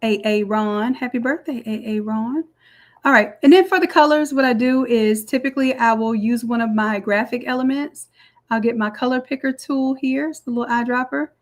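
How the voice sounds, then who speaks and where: A woman walking through a design software tutorial step by step in a chatty, explaining way. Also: sits high, brisk. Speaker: design instructor. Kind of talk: screen-recorded software tutorial.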